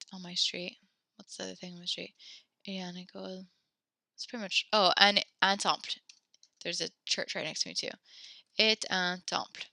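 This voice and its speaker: A woman's voice: fairly low pitch, gravelly, sharp tone, no echo, clean studio sound. A woman teaching an online class, talking casually, correcting herself and encouraging her students. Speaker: French teacher.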